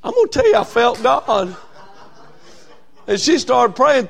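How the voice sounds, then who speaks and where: A man preaching a sermon as a Baptist pastor, telling a story that swings from quiet and low to loud and raised. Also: very animated, unhurried, creaky, long pauses.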